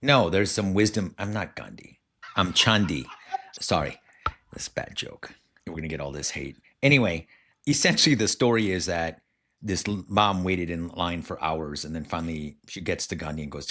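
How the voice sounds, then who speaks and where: A man co-hosting a podcast, chatting casually and telling animated stories in which he acts out the people he quotes. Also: deep voice, moderate pace. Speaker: podcast co-host, martial arts school owner.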